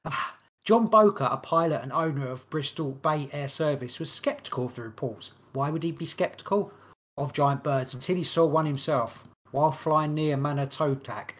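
A fairly high-pitched man chatting on a podcast. He rambles and jokes between topics, often stumbling over words and names. His tone stays loose and casual throughout. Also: normal speed, fairly bright tone. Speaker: podcast co-host. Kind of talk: casual chat.

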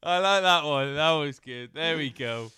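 A man's voice: a little high, animated, a little slow, bright, forceful tone, smooth, dry recording, studio quality. A man hosting a podcast, chatting casually, teasing his co-host, swearing and laughing often. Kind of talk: casual chat.

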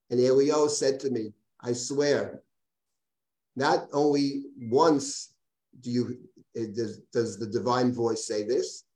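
A man, a rabbi, teaching a text study lesson over a video call, reading passages aloud and translating them in a halting way, often repeating words as he explains. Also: medium pitch, mellow. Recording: roomy video-call audio.

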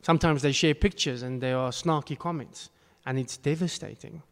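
A pastor preaches a sermon in a reverberant hall, his medium-pitched male voice fairly bright in tone. He moves at a moderate pace, earnest throughout and rising into emphatic bursts.

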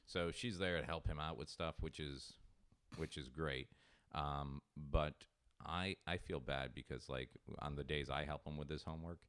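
A man's voice: very deep voice, steady tone, normal speed, a bit bright, clean tone, dry recording. A man in his thirties, co-hosting a casual podcast chat, telling jokey stories with swearing and laughter. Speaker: podcast co-host.

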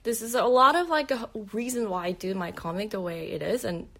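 A woman's voice: mid-range voice, fairly quick, creaky, a bit bright. A woman who immigrated to the United States, a comic artist talking casually as an interview guest, hesitant, with many fillers and restarts.

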